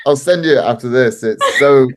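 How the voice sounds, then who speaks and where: A man's voice: mid-range voice, fairly quick, heavy background noise. A man telling stories as a podcast guest, chatty, laughing often and filling his speech with "like". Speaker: wrestling promoter guest. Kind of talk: casual podcast storytelling.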